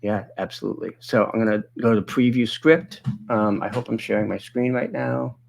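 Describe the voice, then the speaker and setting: A man hosting a live webinar, chatting casually and thinking aloud as he demonstrates software and answers viewer questions. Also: mid-range voice, normal speed, vocal fry.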